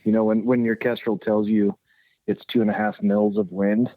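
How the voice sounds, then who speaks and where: A man's voice: fairly low pitch, little pitch movement, moderate pace, no echo, narrow, tinny audio. A man who works at a shooting match, giving plain-spoken practical advice in a casual podcast interview.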